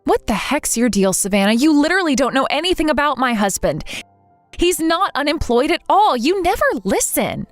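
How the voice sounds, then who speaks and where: An exasperated young bride, played by a woman speaks in a high, animated voice. She sounds demanding and indignant. The recording is dry and close-miked. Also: fast talker, hardly any pauses, dry recording, soft background music. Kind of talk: text-message story voice acting.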